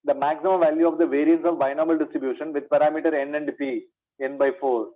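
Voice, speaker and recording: The male maths teacher speaks quickly in a slightly high voice, keeping a steady tone, with an Indian English accent. Revising for exams, he questions and answers himself and calls students "my dear." The sound is thin and phone-like, from an online lecture.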